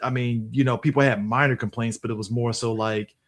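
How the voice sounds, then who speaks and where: A man co-hosting a casual gaming podcast in a relaxed, conversational way. He often reaches for fillers as he thinks aloud. His voice sits at an average, middle pitch. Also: brisk. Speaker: podcast co-host. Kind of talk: casual chat.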